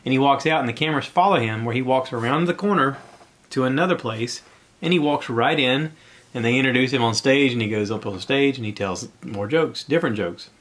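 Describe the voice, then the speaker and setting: A man's voice: mid-range voice, brisk, fairly bright tone. A man hosting his own podcast, talking alone in a rambling, conversational way and sounding a bit out of breath. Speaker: podcast host. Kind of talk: solo podcast monologue.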